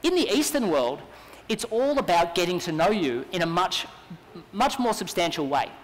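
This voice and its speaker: A man with an Australian accent giving an energetic, persuasive keynote talk at a business conference. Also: sits high, normal speed. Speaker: business speaker. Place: large conference hall. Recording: long hall reverb.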